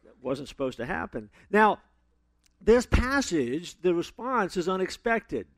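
Man preaching, lively swooping voice, slightly high, sudden loud emphasis, dry close sound. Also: a little slow, no room sound. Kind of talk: sermon.

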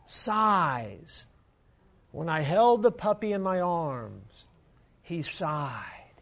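A man voicing an earnest young girl in a sermon story, speaking in a soft, tender, raised voice. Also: a little high, sing-song, extremely slow, vocal fry, heavily acted. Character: earnest young girl who found her puppy.

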